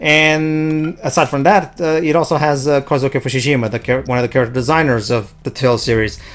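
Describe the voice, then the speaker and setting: A man's voice: mid-range voice, brisk. A man chatting casually while playing a video game, rambling and restarting his sentences often. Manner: rambling, restarts a lot, excitable. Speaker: let's play commentator. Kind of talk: casual gaming chat.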